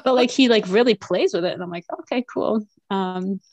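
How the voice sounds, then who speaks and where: A woman's voice: medium pitch, brisk, a little mellow, no room sound, highs cut off. A woman in her thirties, a French teacher and mother, chatting animatedly as a podcast guest with many fillers. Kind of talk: casual conversational interview.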